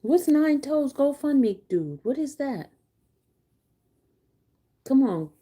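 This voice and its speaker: A woman's voice: sits high, big pitch swings, slow pace, mellow. A woman co-hosting a casual livestream, blunt and teasing as she talks back to the chat.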